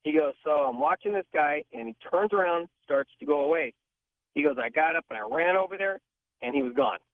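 Male caller, tinny phone line, dry sound, higher voice, animated, acts out quotes. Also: fairly quick, no echo. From California. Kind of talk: phone-in storytelling. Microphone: telephone.

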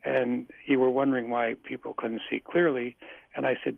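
A man guest on a radio talk show, calmly coaching listeners, repeating himself, self-assured. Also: mid-range voice, moderate pace, creaky, no room sound. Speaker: psychic guest. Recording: dry, tinny phone line.

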